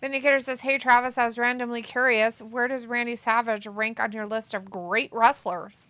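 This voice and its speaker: A woman's voice: a little high, fairly even intonation, normal speed, fairly bright tone, no room sound. A woman co-hosting a wrestling watch-along, chatting casually and reading viewer comments aloud. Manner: chatty, reads chat messages aloud.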